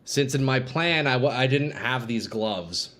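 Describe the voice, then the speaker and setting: A man's voice: mid-range voice, lively intonation, a little slow, a bit bright. A man streaming a game live, chatting casually with viewers and reading their messages aloud, with sudden bursts of hype, on a desk microphone at his home gaming setup. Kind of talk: live-stream commentary while playing.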